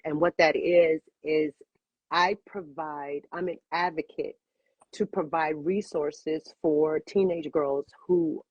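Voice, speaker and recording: Interview guest, woman in her fifties, husky and dry, heartfelt storyteller who repeats lines for emphasis, slightly dull sound. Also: low-pitched, dry recording. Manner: expressive, repeats phrases for emphasis. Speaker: cigar bar owner and guest. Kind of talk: emotional personal storytelling.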